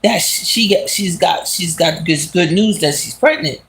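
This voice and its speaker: A vlogger casually retelling a movie plot while walking outdoors, talking in an animated, slangy way and laughing as they go. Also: mid-range voice, normal speed. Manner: animated, slangy, laughs as it talks, asks "you understand?". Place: outdoors on city streets.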